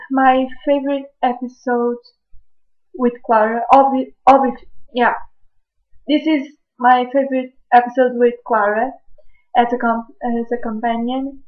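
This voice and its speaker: A woman's voice: high voice, phone-quality sound. A woman reacting to a TV episode on her webcam at home at night, gushing and exclaiming over and over. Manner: gushing, keeps exclaiming and repeating herself. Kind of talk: excited reaction vlog.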